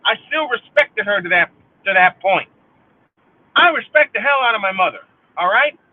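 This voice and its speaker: A man's voice: high-pitched, expressive, normal speed. A middle-aged man hosting a livestream, venting in an angry, profane monologue and repeating lines for emphasis. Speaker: livestream host. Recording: tinny phone-like sound.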